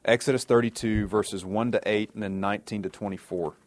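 A man's voice: fairly low pitch, fairly even intonation, brisk. A man teaching a sermon in a conversational way, often checking in with his listeners and adding sarcastic asides. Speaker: Bible teacher.

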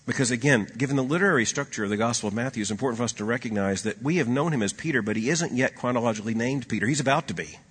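A man preaches a sermon in a husky voice, middle-pitched. He pushes some lines out loud and emphatic, then drops others to a hushed, low aside. The sound carries a long reverb, as in a large hall. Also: animated, very fast, hardly any pauses.

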